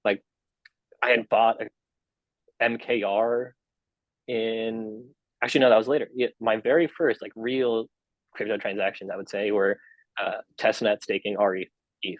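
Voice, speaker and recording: A man's voice: fairly low pitch, fairly even intonation, normal speed, pauses often, no room sound, highs cut off. A young man as a podcast guest, talking casually and rambling with lots of fillers and restarts. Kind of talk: casual interview chat.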